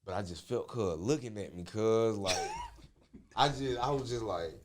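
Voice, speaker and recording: Guy on a podcast, lowish voice, telling a wild story, laughing and doing everybody's voices. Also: measured pace, noisy background. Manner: animated, laughing, acts out voices in his stories. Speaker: podcast guest. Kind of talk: casual storytelling.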